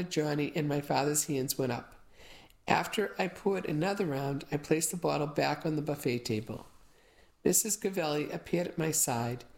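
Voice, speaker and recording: A woman narrating a first-person novel as an audiobook, with a lively, expressive delivery. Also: low voice, gravelly, rough recording.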